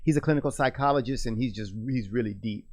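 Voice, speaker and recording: A middle-aged man hosting a radio talk show, speaking earnestly and quickly with frequent restarts. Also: medium pitch. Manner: earnest, rapid, with many restarts. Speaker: radio host. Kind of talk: conversational discussion.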